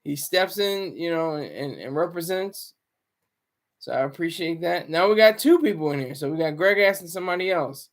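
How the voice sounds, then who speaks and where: A man's voice: on the high side, animated, moderate pace. A man giving casual, rambling livestream commentary, often breaking off mid-sentence and chuckling. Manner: rambling, self-interrupting.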